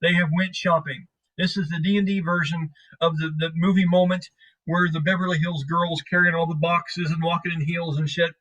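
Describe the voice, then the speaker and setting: A man's voice: on the high side, flat delivery, moderate pace, a bit bright, highs cut off. A man narrating as game master of a tabletop game, casual and profane, rambling through scenes.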